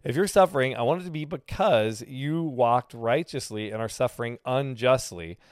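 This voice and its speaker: A male pastor delivers a casual sermon in a mid-range voice at a moderate pace. He talks conversationally, uses lots of fillers, and often corrects himself mid-sentence. The studio-quality recording has no echo.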